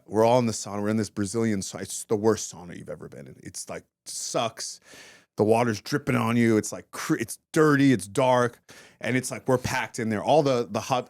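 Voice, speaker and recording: A man in his thirties telling a story in casual chat, animated and swearing, acting out quotes loudly. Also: fairly low pitch. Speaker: podcast guest, former fighter turned comedian.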